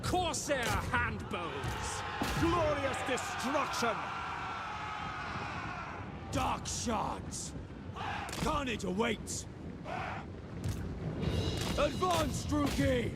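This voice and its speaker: Ruthless dark elf raiders snap out short commands in a strikingly high, lively voice. Each grim bark sits in game audio over loud, pounding battle music. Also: male voice, extremely slow, long pauses, exaggerated voice. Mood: commanding. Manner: clipped, commanding battle shouts. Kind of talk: game unit voice barks.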